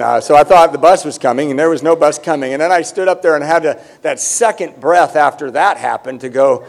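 A middle-aged man telling his recovery story with humor, candid and self-deprecating. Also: fairly high pitch. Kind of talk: personal testimony with humor.

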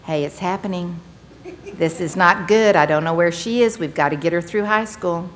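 A middle-aged woman, sharing her personal recovery story in an earnest, animated testimony to a meeting, with folksy phrasing. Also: fairly low pitch, normal speed, slight background noise.

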